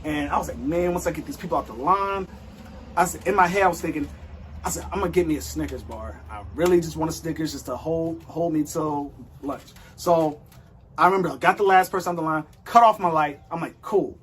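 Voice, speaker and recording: A man sharing a personal faith story in casual conversation, animated and acting out his own thoughts and the lines of others. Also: a little high, brisk, a little hiss or hum. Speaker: guest.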